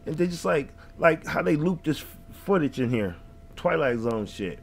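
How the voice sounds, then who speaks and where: A man's voice: fairly high pitch, expressive, normal speed, vocal fry, slight background noise. A man hosting a reaction video, ranting in heated, profane, rambling casual commentary.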